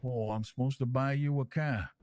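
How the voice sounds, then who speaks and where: A man with a mid-range voice speaks at normal speed, smooth and natural, with no room sound. In an online role-play he plays a brash, crude crime-family boss who calls himself king, boastfully rambling through his stories. He swears constantly and stays lively and animated.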